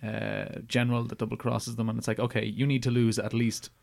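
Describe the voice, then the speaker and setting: A man in a casual podcast chat about films, agreeable and quick to say yeah. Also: medium pitch, level tone, creaky, a little mellow. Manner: agreeable, says yeah a lot. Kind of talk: casual film discussion.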